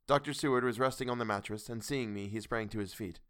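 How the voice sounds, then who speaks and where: A man reading a classic novel aloud in a measured, steady storytelling voice. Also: mid-range voice, clear, resonant tone, no echo, studio quality. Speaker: audiobook narrator. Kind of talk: audiobook reading.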